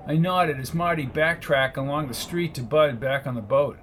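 A man with a fairly high voice narrates a hard-boiled detective story in the first person. His delivery is wry and laid-back, with a faint hiss under it. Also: moderate pace, few pauses, fairly bright tone.

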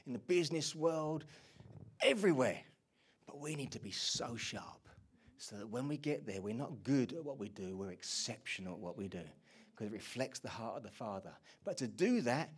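Male pastor, sermon delivery, dynamic swings from soft to loud, mid-pitched voice.

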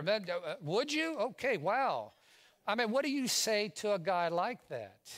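A middle-aged pastor from Louisiana preaching a sermon, swinging from loud exclamations to hushed asides. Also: male voice, high-pitched, very animated, unhurried.

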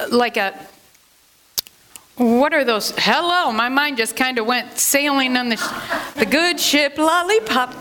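A woman preaching in a relaxed, chatty way, asking questions and then answering them herself. Her voice is high and bright, and she takes her time. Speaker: Bible teacher. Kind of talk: casual sermon.

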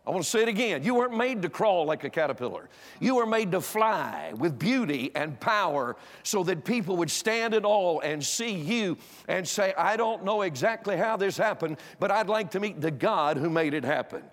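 Older male preacher, slightly high-pitched, emphatic pulpit delivery, recorded in a long-reverb auditorium. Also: expressive, normal speed. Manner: emphatic, swings from loud exhortation to hushed storytelling. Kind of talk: sermon. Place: church auditorium.

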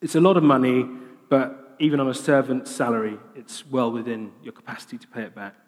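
A man preaching a sermon, animated and humorous, with lively voiced asides. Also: medium pitch, brisk. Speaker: pastor. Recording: long hall reverb.

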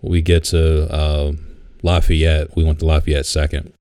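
Super deep voiced guy just chatting on a podcast, laid back, dry close mic. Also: flat delivery, a little slow, mellow, clean tone, dry recording. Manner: laid-back, swears, laughs often. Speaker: podcast co-host. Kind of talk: casual chat.

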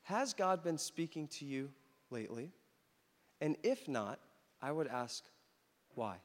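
A man preaching a sermon, telling a story with animated emphasis, then leading communion. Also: a little high, slow pace. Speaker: pastor. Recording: long hall reverb.

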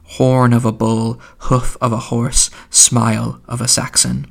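A man's voice: medium pitch, monotone, a little slow, gravelly. A man reading aloud and voicing a reserved, polite young Englishman with clipped delivery. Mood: aloof.

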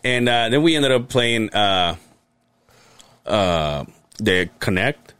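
A man's voice: lowish voice, expressive, slow, fairly bright tone, clear, resonant tone, no echo. Guy on a podcast telling a long story, lots of restarts and cussing, dry close sound. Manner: rambling, profane, many restarts. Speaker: podcast co-host. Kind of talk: casual storytelling chat.

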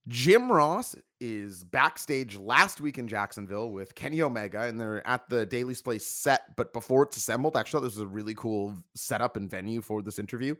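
A man's voice: medium pitch, lively intonation, a little fast, few pauses, pushed and bright, dry recording, clean studio sound. A man hosting a wrestling review podcast, talkative and joking in casual chat. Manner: talkative, joking, plugs the channel.

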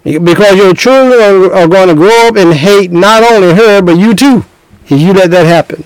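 A man preaches a sermon, urging his listeners on with forceful repetition. His voice sits a bit high for a man, with a gravelly rasp, and it is recorded dry and close. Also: normal speed, dry recording, poor audio.

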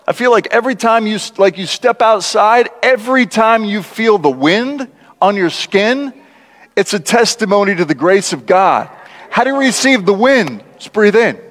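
A man preaching a conversational sermon as a guest speaker, animated and laughing often, acting out the lines he quotes. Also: high-pitched. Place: large church. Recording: church hall with long reverb.

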